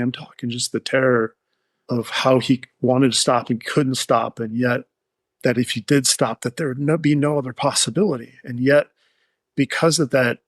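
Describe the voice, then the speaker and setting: A man's voice: mid-range voice, no echo. A man being interviewed, telling a client's recovery story in an earnest, heartfelt, rambling way. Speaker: addiction therapist, guest.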